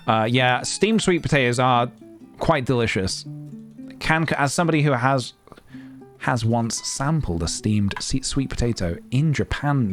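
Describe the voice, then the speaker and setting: A man in his thirties chatting casually on a live stream, playful and rambling as he talks himself through his work. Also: medium pitch. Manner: playful, rambling, talking to himself while working.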